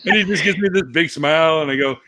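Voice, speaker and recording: A middle-aged man hosting a casual online chat, telling lively stories, laughing often and swearing freely. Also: fairly high pitch, quick pace, no echo. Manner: animated, laughing storyteller who swears freely. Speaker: host.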